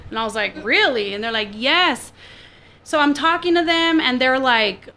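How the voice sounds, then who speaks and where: A woman from Texas, a podcast guest, telling a story in casual chat, animated and full of "dude" and "like". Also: sits high, moderate pace, clean tone. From Texas, USA. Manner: animated, says "dude" and "like" a lot, acts out others' lines.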